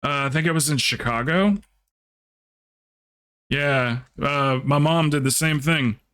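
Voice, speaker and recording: Smooth-voiced Southern man chatting casually. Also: fairly high pitch, takes it slowly. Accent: mild Southern US. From American South. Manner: relaxed, rambling storytelling. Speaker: streamer. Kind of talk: casual chat.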